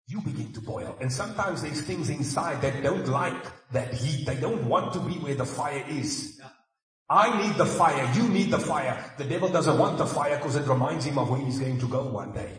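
A man's voice: mid-range voice, expressive, moderate pace. A man preaching a sermon in a church, conversational and mixing in humorous asides. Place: church hall. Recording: echoey hall, mic far off.

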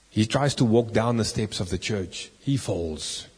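A man preaching a sermon as an animated story, now and then rising loud for the key lines. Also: lowish voice, a little slow, hardly any pauses, breathy edge. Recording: long reverb in a hall.

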